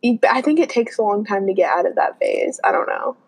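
A woman's voice: medium pitch, expressive, fairly quick, breathy edge. A young woman co-hosting a casual chat, talking freely and slipping into exaggerated voices when quoting people. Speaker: podcast co-host.

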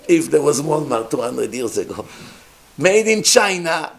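A man telling stories in an animated sermon, acting out the characters. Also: a little high, unhurried, gravelly. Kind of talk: storytelling sermon.

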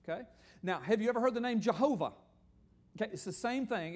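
High-voiced man preaching a sermon. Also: animated, fast. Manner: conversational, explaining to a congregation. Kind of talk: sermon with slides.

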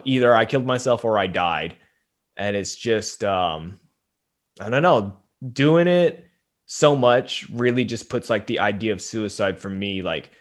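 A man's voice: fairly low pitch, a bit bright. Rambling young man on a podcast. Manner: rambling, filler-heavy, frank. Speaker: podcast host, guest. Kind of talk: casual podcast chat.

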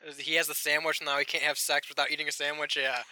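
A man in a casual podcast chat, throwing in quick deadpan jokes. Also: fairly high pitch, dry recording. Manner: quick deadpan one-liners.

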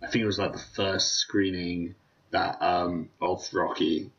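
A man chatting casually, relaxed and hesitant, full of fillers as he recounts things. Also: sits low, unhurried, slightly rough, muffled recording. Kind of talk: casual film chat.

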